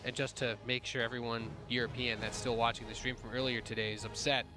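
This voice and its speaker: A man casting a strategy game match with a co-caster, trading jokes and banter between play-by-play calls. He sounds American, and his voice sits in an ordinary middle range. Music plays clearly behind him. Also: mid-range voice, little pitch movement. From United States. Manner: joking, quick banter. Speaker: esports caster. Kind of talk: play-by-play commentary.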